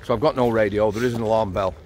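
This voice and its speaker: A middle-aged former prison officer with a Yorkshire accent races through blunt, matter-of-fact stories on a night walk outdoors, swearing freely. His fairly low voice has a darkish tone and fairly even intonation, and there's a little hiss or hum.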